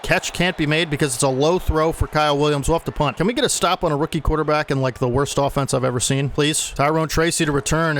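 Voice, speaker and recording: A young man commentates his own football video game play by play, talking casually and getting fed up when plays go wrong. His voice sits a bit high for a man. A faint hiss of noise runs under the recording. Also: a bit bright. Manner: casual, gets agitated and exasperated at bad plays. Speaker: gaming channel host. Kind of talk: play-by-play commentary over gameplay.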